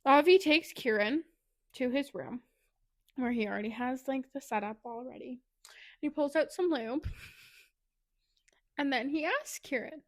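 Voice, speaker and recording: A woman co-hosting a podcast, retelling a book plot in casual, animated chat with laughs and asides. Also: sits high, measured pace, long pauses. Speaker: podcast co-host.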